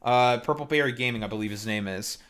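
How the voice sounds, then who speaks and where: A man's voice: medium pitch, quick pace, fairly bright tone. A man hosting a live stream, ranting heatedly and mockingly as he reacts to a clip, swearing constantly. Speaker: streamer host.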